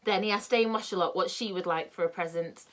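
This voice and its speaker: A woman reading a children's book aloud in a lively, expressive way. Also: fairly low pitch, fairly quick. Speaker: storyteller.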